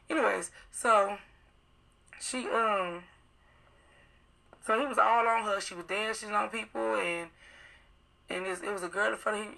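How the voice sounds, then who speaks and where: A woman's voice: mid-range voice, vocal fry, bright, forceful tone, poor audio. A young woman casually retelling events on a live video, swearing often and acting out what others said. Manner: profane, rapid storytelling acting out quoted dialogue. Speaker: witness telling her account.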